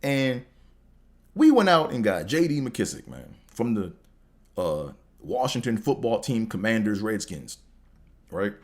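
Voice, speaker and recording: A man's voice: lowish voice, sing-song, a little slow. A man hosting a podcast, talking casually and animatedly about sports with slang, swearing and rambling restarts. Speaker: podcast host.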